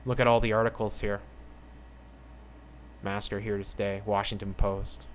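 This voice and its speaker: A man's voice: fairly low pitch, level tone, normal speed, a little hiss or hum. Indignant, sarcastic man ranting. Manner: reads headlines aloud with mocking asides. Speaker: channel host. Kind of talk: ranting commentary on news headlines.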